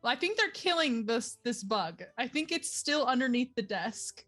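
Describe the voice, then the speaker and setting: A woman's voice: a little high, expressive, moderate pace, fairly bright tone, soft background music. A woman playing a tabletop game, eager and playful in casual chat. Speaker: player.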